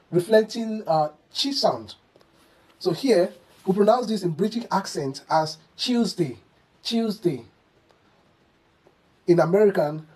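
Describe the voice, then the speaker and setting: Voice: medium pitch, a little mellow, breathy edge, low-quality recording. A teacher giving a scripted English pronunciation lesson, explaining each word carefully and repeating the model words.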